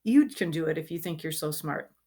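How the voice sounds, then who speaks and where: A woman voicing a bossy, quick-tempered young girl in a storybook reading. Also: deep voice, mellow. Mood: indignant.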